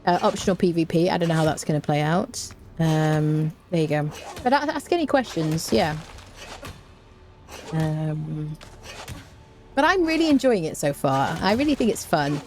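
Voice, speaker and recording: A woman's voice: low voice, expressive, normal speed, darkish tone. A woman giving rambling, casual commentary while streaming a game, full of fillers and restarts.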